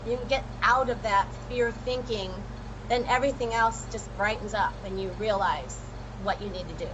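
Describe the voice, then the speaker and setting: A woman guest telling her own story in a lively, animated way during a casual chat. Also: medium pitch, normal speed, muffled recording, noisy background.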